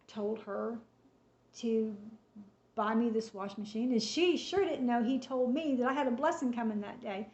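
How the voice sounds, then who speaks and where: A woman casually retelling a personal faith testimony, chatty and animated, acting out the dialogue as she goes. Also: a little high. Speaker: storyteller sharing a faith testimony. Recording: echoey room, dull lo-fi sound.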